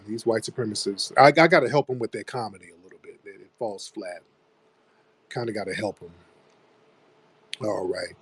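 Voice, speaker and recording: A man's voice: mid-range voice, husky. Blunt, mocking male talk-show host. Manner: blunt, mocking, loud bursts.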